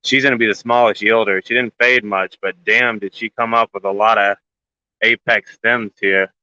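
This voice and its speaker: A man's voice: lowish voice, fairly even intonation, moderate pace, sharp tone, highs cut off. A man hosting a casual walkthrough vlog, rambling and joking, short on sleep. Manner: rambling, jokey, talks to his plants. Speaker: grow channel host.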